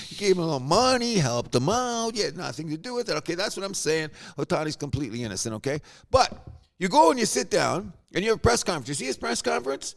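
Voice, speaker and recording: Animated, gravelly man hosting sports chat. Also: sits high, a little fast. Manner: animated, jokey storyteller. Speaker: podcast host.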